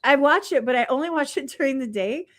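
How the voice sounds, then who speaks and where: A woman with a fairly high voice telling animated stories in casual chat. She swears freely and talks in loose, rambling runs. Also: fast talker.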